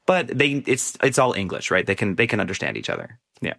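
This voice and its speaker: A man's voice: lowish voice, huge pitch swings, brisk, vocal fry, bright, forceful tone, no room sound, clean studio sound. A man, a professor, explaining a science news story in casual radio chat. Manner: explanatory, with fillers and restarts.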